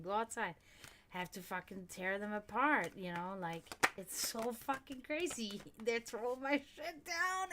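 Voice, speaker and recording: A woman hosting a tarot reading livestream, chatting casually with viewers, excitable, swearing freely and laughing often. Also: mid-range voice.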